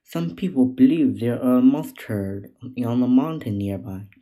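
A man's voice: mid-range voice, expressive, a little slow, mellow, natural voice. A man voicing two frightened male temple priests who answer timidly in a children's story reading.

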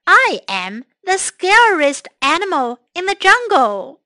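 A woman voicing a boastful, proud male tiger in a children's storybook, talking loud and showy. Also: very high-pitched, very animated, takes it slowly, no echo, studio quality, pitched above the performer's own voice, heavily acted.

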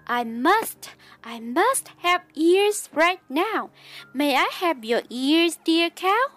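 A woman voicing a gullible, silly female goose in a children's picture book, with high gasping exclamations. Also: big pitch swings, slow, fairly bright tone, heavily acted. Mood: fretful. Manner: high, breathy gasps and fretful exclamations.

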